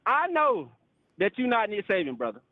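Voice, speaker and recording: A man's voice: sits high, wildly swooping pitch, normal speed, no echo, narrow, tinny audio. A male caller on a call-in show, ranting in frustration, swearing and repeating "bro" and "literally.". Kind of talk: heated call-in rant.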